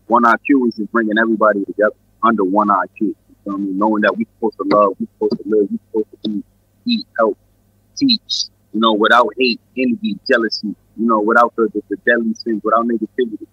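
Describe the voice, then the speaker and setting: Husky New York man, guest musician, loose rambling chat, dull muffled dry radio sound. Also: lowish voice, level tone, fast talker, no echo. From Queens and Brooklyn, New York. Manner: laid-back, rambling, filler-heavy talk. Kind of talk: casual interview chat.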